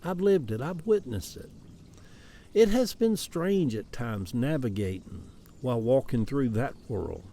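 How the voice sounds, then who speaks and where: Southern American man in his seventies, rambling folksy storyteller, animated voice, faint outdoor air behind, phone recording. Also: medium pitch, a little slow, a little hiss or hum. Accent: Southern American, Atlanta Cabbagetown dialect. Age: 70s. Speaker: social media storyteller. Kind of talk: casual vlog monologue. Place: outdoors in a backyard garden.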